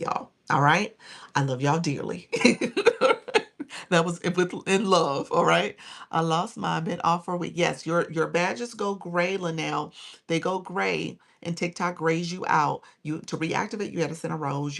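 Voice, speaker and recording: A woman's voice: low-pitched, fairly even intonation, normal speed, creaky. A woman in her forties coaching viewers on a live stream, emphatic and chatty, thanking people by name and laughing often.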